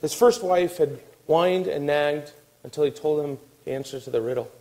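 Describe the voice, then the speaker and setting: A man preaching a sermon, telling a story with acted-out quotes and dropping to a hushed, weary tone. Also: fairly high pitch, moderate pace, low-quality recording. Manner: animated storytelling, acting out quotes, dropping to a soft hush. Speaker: pastor.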